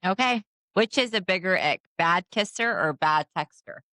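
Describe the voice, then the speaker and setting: A woman's voice: fairly low pitch, expressive, moderate pace, sharp tone, no room sound, studio quality. A woman co-hosting a podcast, talking candidly and casually about her dating life. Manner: candid, frank dating talk. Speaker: podcast co-host. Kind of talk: casual chat.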